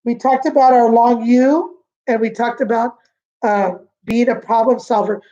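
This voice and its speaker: A woman teaching a remote lesson to young children, patient and sing-song, repeating words slowly. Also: on the high side, fairly even intonation, warm tone, dull audio. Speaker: kindergarten teacher.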